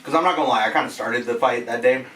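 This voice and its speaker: A young man casually telling a work story, animated and laughing, full of fillers and swearing. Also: medium pitch, quick pace. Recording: echoey room from a distance, faint noise.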